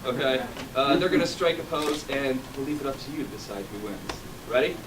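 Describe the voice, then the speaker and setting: A man's voice: mid-range voice, lively intonation, a little fast. A man refereeing and hosting a live improv comedy show, playful and upbeat as he coaxes the crowd. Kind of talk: addressing a live audience. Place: theater stage. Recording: distant, noisy live room.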